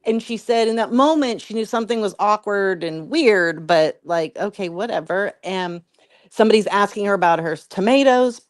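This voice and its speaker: With a medium-pitched voice at normal speed, this podcast co-host tells the story of an online drama casually, swearing freely and saying "like" constantly. The studio sound is clean and echo-free.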